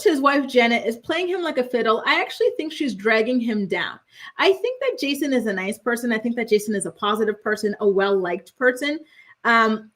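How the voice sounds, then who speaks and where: A young woman hosting a casual gossip livestream, chatting and reading viewer comments aloud with frequent laughs. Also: a little high. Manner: chatty, animated, laughs often. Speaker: host of a morning gossip show.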